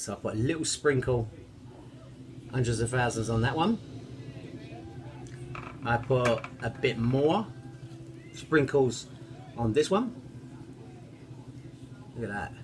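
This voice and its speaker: A man's voice: mid-range voice, background noise. Cheerful rambling man. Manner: cheerful, rambling, self-mocking. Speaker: home cooking vlogger. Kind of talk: casual chatty cooking vlog.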